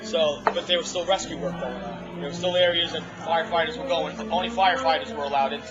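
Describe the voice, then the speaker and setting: A man's voice: on the high side, fast. Rambling man telling stories, lo-fi. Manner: rambling, with restarts and emotional retellings. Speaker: storyteller recounting his own experience. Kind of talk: informal conversation. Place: restaurant. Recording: dull lo-fi audio with music behind.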